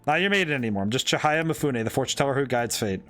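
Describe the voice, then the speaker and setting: A man's voice: mid-range voice, rapid-fire, faint music behind, close to an everyday voice. A man reading an earnest young fortune teller woman. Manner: reads the dialogue aloud in his own voice, calm and sincere.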